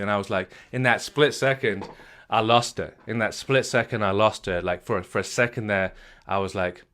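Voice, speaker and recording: A man with a fairly low voice telling his personal story to an audience. He is earnest and emphatic, often repeating himself and restarting his sentences. He sounds middle-aged and speaks as a coach. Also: moderate pace, fairly bright tone. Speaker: marriage coach.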